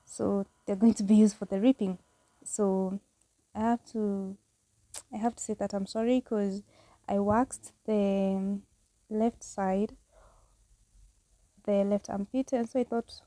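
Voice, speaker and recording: A woman's voice: mid-range voice, steady tone, slow pace, long pauses, mellow. A woman vlogging a casual home tutorial, chatty and candid, laughing at herself as she goes. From Kenya.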